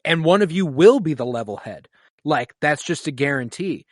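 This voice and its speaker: A podcast host with a fairly high, lively voice at normal speed recaps a TV episode at length, emotional and casual, swearing freely. The recording is dry and studio quality.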